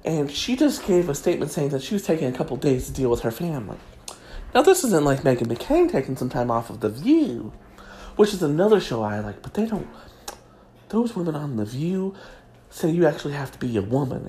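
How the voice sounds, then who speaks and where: A woman's voice: low voice, warm tone, slight background noise. A woman delivering a sassy, mock-prim comedic gossip monologue as host.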